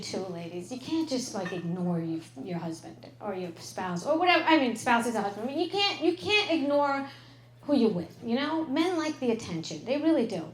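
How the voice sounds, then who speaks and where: A middle-aged woman performing a stand-up comedy set on a club stage into a handheld mic, brash and crude, with a deadpan delivery and exaggerated quoted voices. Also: high voice. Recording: roomy club sound.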